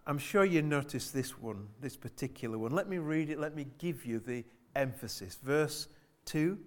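A man's voice: a little high, animated, normal speed. A man preaching a sermon to his church in an earnest way, often repeating phrases and asking the congregation rhetorical questions.

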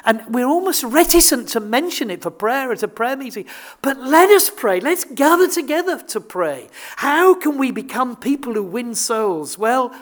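Older man preaching; earnest, emphatic, stumbles and restarts as he presses his point. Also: high voice. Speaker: visiting preacher. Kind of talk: sermon.

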